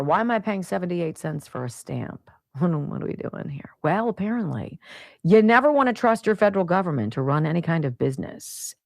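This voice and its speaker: A woman's voice: medium pitch, creaky, no room sound. A middle-aged woman hosts a talk radio show, her voice swinging up and down as she rants with sarcastic exasperation. She is close on a studio mic, and the sound is dry. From Pennsylvania, United States.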